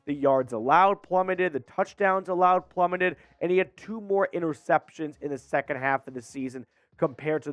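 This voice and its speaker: A man's voice: on the high side, no room sound. A young man hosting casual sports news commentary, congested from a cold, explaining things conversationally with asides.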